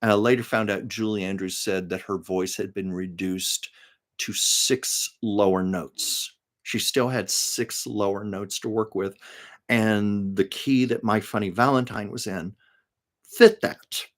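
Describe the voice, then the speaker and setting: A man with a lowish, fairly bright voice and fairly even intonation speaks unhurriedly on a home livestream. He tells show-business stories in a relaxed, chatty way, laughing often and reading viewer comments out loud.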